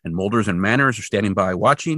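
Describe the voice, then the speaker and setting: A man's voice: fairly low pitch, fast, pushed and bright, no room sound, studio quality. A man co-hosting a podcast, recapping a TV episode in casual chat and leaping into exaggerated voices when he quotes characters. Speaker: podcast co-host.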